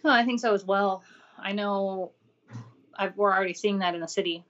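A woman's voice: mid-range voice, moderate pace, a bit bright, muffled recording. A woman co-hosting a podcast, chatting casually with a dry, sarcastic edge. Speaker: podcast co-host and business owner. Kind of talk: casual discussion.

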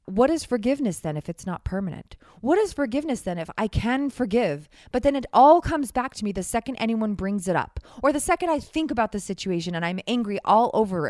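A woman's voice: mid-range voice, brisk, hardly any pauses, dry recording. Candid young woman telling her own story, wry, with a dry recording. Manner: candid, animated, wry, acts out quoted voices. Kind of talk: personal storytelling monologue.

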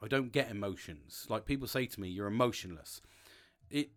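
A man's voice: fairly low pitch, expressive, brisk. A man chatting casually and frankly as a podcast host, rambling with restarts and swearing often. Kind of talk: casual personal chat.

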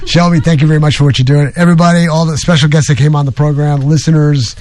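A man's voice: fairly high pitch, steady tone, quick pace, a little mellow. A man hosting a talk radio show, rambling and joking in casual banter with his guests. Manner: rambling, jokey, self-deprecating.

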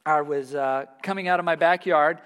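A male pastor preaching a sermon, telling stories in a lively, animated way and laughing along with them. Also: on the high side, normal speed, clear, resonant tone, long reverb tail. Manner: storytelling, laughs heartily while telling anecdotes.

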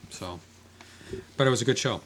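A man hosting a podcast in casual chat, easygoing and quick to laugh. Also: medium pitch, fairly bright tone, a little hiss or hum. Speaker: podcast host.

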